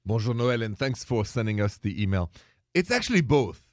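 A man with a French accent, co-hosting a radio talk show in quick, chatty conversation. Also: lowish voice, no echo, clean studio sound. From France. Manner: quick, chatty, repeats words when excited. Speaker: radio co-host. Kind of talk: casual chat.

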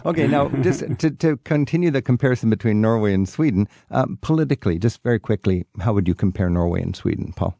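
A man's voice: on the low side, expressive, quick pace, creaky, few pauses, warm tone, no room sound. A man with an American accent hosting a studio chat, curious and prompting his guests with questions. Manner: curious, prompting, laughs often. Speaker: host.

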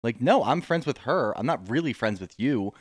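A man's voice: medium pitch, animated, normal speed, no echo, clean studio sound. A man co-hosting a casual reality TV recap podcast, ranting bluntly with plenty of swearing. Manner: blunt, profane, opinionated rants. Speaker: podcast co-host.

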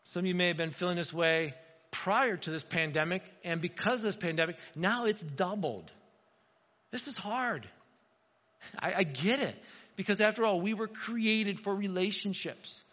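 Emphatic pastor preaching in an echoing hall. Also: male voice, high-pitched, moderate pace, pushed and bright. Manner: emphatic, repeats lines for stress. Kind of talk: sermon. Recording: dull sound in a long-reverb hall.

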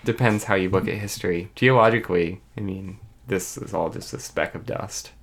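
A man's voice: deep voice, moderate pace, vocal fry. A man co-hosting a podcast in casual chat, laid-back and dry, with lots of filler words. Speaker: podcast co-host.

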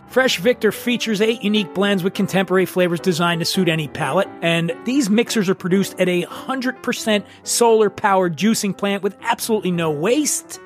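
A man's voice: high voice, normal speed, few pauses, faint music behind. A man hosting a podcast and reading sponsor ads in a jokey, rambling, self-mocking way. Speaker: podcast host. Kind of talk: casual ad read.

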